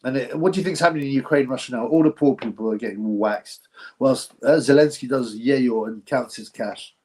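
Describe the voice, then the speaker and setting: Male host, live boxing stream, rambling blunt slangy chat, mid pitch. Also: fairly quick, darkish tone. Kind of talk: casual live-stream chat reading viewer comments.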